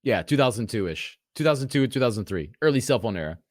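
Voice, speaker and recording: A man's voice: medium pitch, fast, no echo. Dry-sounding man swearing through a story. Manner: profane, rambling, animated retelling. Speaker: podcast guest. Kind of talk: casual storytelling.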